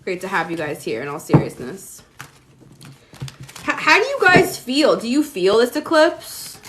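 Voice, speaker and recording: A woman with a medium-pitched, very animated voice speaks unhurriedly over background noise. She's doing a casual tarot reading on a livestream, chatting with her viewers and saying "like" a lot.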